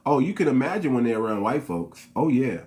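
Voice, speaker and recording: A man's voice: mid-range voice, very animated, a little fast, a little mellow. A man from the United States hosting his channel, talking straight to his viewers in an emphatic, slangy commentary that repeats its points. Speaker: channel host. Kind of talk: unscripted commentary monologue.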